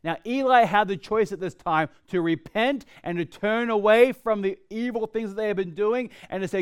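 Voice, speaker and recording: A man preaching a sermon as pastor to a congregation in church, emphatic, and slowing down when he reads scripture aloud. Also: high voice, clean tone. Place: church before a live congregation.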